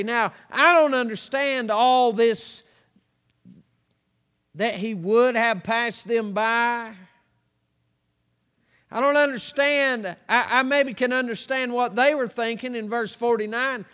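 A preacher with a very high voice, speaking at an unhurried, deliberate pace. He draws out each verse and drops in homespun asides, and his words ring with a long reverb in a church sanctuary. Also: pushed and bright, smooth. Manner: slow drawn-out scripture reading, folksy asides. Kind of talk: sermon.

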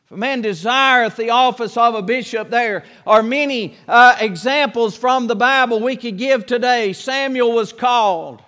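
A man's voice: extremely high pitch, moderate pace, hardly any pauses, sharp tone. A man preaching a sermon in a church, impassioned and repetitive, acting out Bible scenes. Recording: long reverb of a church hall.

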